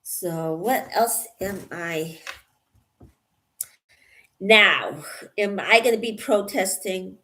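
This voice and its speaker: A woman vlogging casually as she paints, out of breath and rambling with many pauses, thinking aloud. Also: medium pitch. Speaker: channel host. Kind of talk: casual vlog while painting.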